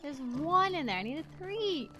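A young woman streamer commenting on her gameplay, excitable, swearing often, shrieking and laughing. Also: high-pitched, moderate pace, slight background noise. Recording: loud game music behind.

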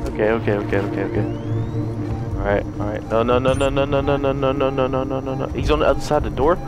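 A young man giving let's play commentary, excitable and panicky, swearing and laughing often. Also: medium pitch, fast talker. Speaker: gaming YouTuber. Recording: game music playing behind.

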